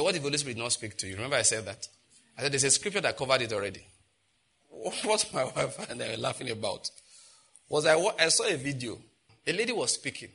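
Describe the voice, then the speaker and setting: Bright-toned, impassioned male preacher. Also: medium pitch. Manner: storytelling preacher who rises to loud, impassioned outbursts. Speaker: pastor. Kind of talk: sermon.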